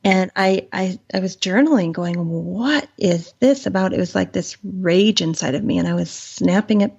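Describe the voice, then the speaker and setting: Podcast guest, female, lively storyteller, gravelly fry, muffled lo-fi recording. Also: fairly low pitch, moderate pace. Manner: animated storyteller acting out quoted voices. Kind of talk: casual podcast conversation.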